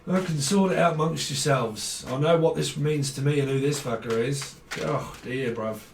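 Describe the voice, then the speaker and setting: A man's voice: fairly high pitch, normal speed, vocal fry. Sweary man ranting through a tarot reading. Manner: swearing, ranting, laughing often. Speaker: tarot reader. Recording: roomy, distant from mic, faint background noise.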